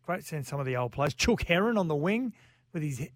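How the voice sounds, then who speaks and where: A man's voice: a little high, very animated, a little fast, dry recording, studio quality. A man co-hosting a sports radio show, blunt and dismissive in his banter. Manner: blunt, dismissive, grumbling rebuttals. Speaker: radio co-host. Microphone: studio mic.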